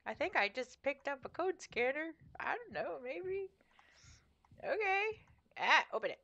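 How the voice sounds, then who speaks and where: A woman running a let's-play, bantering and joking her way through the game. Her voice sits fairly high and swings widely in pitch, with a bright, forward tone. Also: very animated, measured pace, muffled recording. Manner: playful, jokey, chatty. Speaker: gaming streamer.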